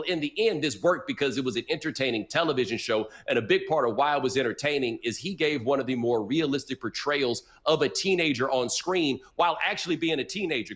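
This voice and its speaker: A man in his forties speaking as a guest commentator on a live news panel, measured and analytical as he explains his view. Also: medium pitch, fairly bright tone.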